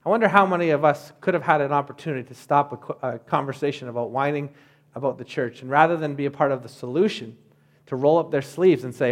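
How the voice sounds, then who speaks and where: A man's voice: on the high side, quick pace. A man in his thirties preaching a sermon as a pastor, in a conversational way with rhetorical asides.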